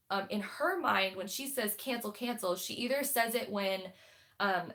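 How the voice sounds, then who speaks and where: A woman's voice: mid-range voice, a bit bright. Chatty, blunt young woman host. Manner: chatty and blunt, many fillers and restarts. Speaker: book club host. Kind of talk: casual livestream chat.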